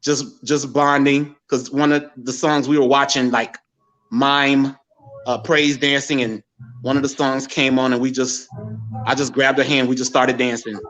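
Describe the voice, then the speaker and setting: A middle-aged man from Gary, Indiana, telling an emotional personal story as a guest, animated, with many restarts. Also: medium pitch, unhurried, highs cut off. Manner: animated, quotes relatives in a raised voice, many restarts.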